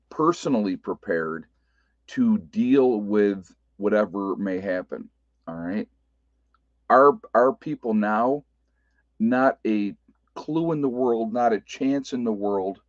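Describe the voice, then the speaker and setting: In a lowish, somewhat mellow voice, a livestream host with an Appalachian American accent chats casually, loosely, laughing a lot and restarting his sentences. The audio is dry and comes through as dull lo-fi webcam sound.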